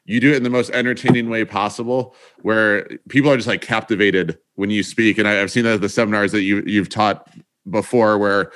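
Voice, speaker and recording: Brief: deep-voiced male host, sincere and encouraging, dry close mic. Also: steady tone, fairly quick, fairly bright tone, no echo. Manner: earnest, encouraging, reflective. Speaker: podcast host. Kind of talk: casual podcast conversation.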